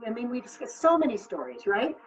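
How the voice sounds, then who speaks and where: A woman's voice: a little high, wildly swooping pitch, fairly quick, recorded from a distance. A woman leading a casual group conversation as an animal communicator, encouraging others, laughing often and repeating her words.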